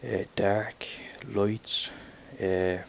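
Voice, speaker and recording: A man's voice: on the low side, steady tone, very slow, creaky, lo-fi sound, a little hiss or hum. A man with a Dublin accent chatting casually in a home vlog, rambling and repeating "you know what I mean". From Ireland. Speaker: vlogger. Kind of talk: casual accent tag video.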